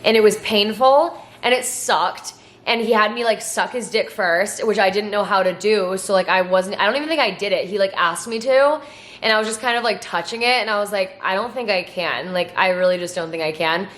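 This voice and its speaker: A woman's voice: medium pitch, fairly quick, a bit bright. A young woman in her twenties telling stories in a casual question-and-answer vlog, chatty, full of fillers and swearing. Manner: chatty, filler-heavy, profane. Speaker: vlogger. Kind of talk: casual Q&A storytelling. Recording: echoey room.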